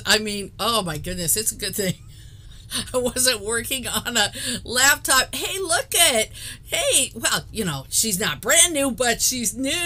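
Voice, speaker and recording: Female live-stream craft host, bright and fairly high, giggly and rambling. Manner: chatty, laughs often, rambling restarts. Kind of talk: casual live-stream chat.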